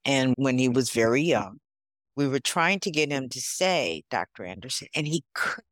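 A woman in her sixties from Chicago, a guest on a podcast, telling stories in a casual, animated way. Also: very deep voice, normal speed, no room sound. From Chicago, USA. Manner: storytelling, animated, laughs often. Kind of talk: casual interview chat.

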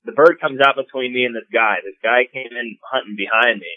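A man, a podcast guest telling hunting stories in a casual, animated way. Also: mid-range voice, fairly quick, no room sound, narrow, tinny audio. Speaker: podcast guest, call maker. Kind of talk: casual storytelling.

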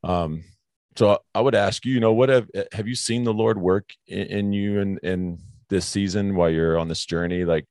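In a laid-back faith discussion he hosts, a man tells a personal story with sincerity, addressing his guest as "bro." His low voice is a little mellow, with fairly even intonation and a moderate pace. The sound is clean and dry, studio quality.

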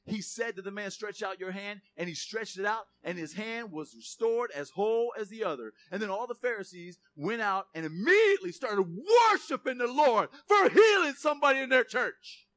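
High lively guy preaching a sermon, cracks jokes, reads verses out loud. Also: normal speed, hardly any pauses. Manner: animated, joking, reads scripture aloud. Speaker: pastor.

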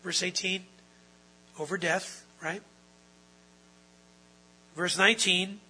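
Man, pastor, sermon, emphatic, repeats key phrases, husky, high voice. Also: slow, long pauses, pushed and bright, low-quality recording.

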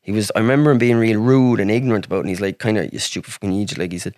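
A man's voice: on the low side, very fast, a little mellow, no room sound, clean studio sound. An Irish man from Ireland, a podcast guest telling a story in a rambling way, with heavy swearing and lots of "like". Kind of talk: casual storytelling.

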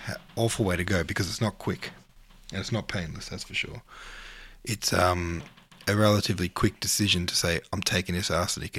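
A man's voice: deep voice, fairly bright tone, slightly rough, no echo, clean studio sound. An Australian man with an Australian accent, a podcast host rambling casually and reading listener comments aloud. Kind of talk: casual chat.

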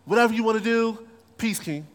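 Man playing laid-back slangy servants, high voice, hall echo. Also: fairly quick, lightly acted. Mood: offhand. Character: casual, slangy palace servants. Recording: long hall reverb.

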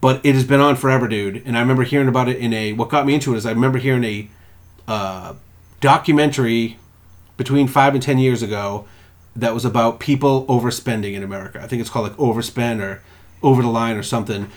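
A young man in casual podcast chat, swearing freely as he tells stories. He slips into quick impressions of the people he quotes, with his pitch jumping up for them. His voice sits at an ordinary middle pitch for a man. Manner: profane, animated storytelling with put-on quotes. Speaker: podcast co-host.

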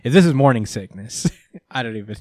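An easygoing man co-hosting a recap podcast, chatting casually and laughing between sentences. He swears freely and sits at an ordinary, middle pitch. The sound is close and dry, with no room around it. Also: lively intonation, brisk, darkish tone, no echo. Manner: laughing, profane, acts out quotes. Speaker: podcast co-host.

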